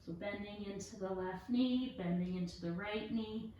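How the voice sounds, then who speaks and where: A woman fitness instructor guiding a yoga class with calm, encouraging step-by-step cues. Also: mid-range voice, moderate pace, far from the mic, lo-fi sound, slight background noise. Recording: echoey room, voice off-mic.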